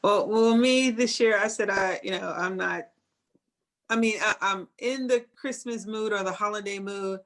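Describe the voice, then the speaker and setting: Woman, talk show co-host, halting, emotional, repeats herself. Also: mid-range voice, fairly bright tone. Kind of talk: casual talk show conversation.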